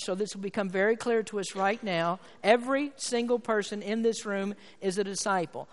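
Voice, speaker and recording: A man's voice: high-pitched, fairly bright tone. A man preaching a sermon as pastor, emphatic and building to fervent peaks. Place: church sanctuary. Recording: long hall reverb from church sanctuary.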